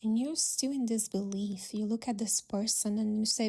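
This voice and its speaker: A woman hosting a solo podcast, telling a story in a gentle, reflective way. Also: on the high side, steady tone, moderate pace, hardly any pauses. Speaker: podcast host.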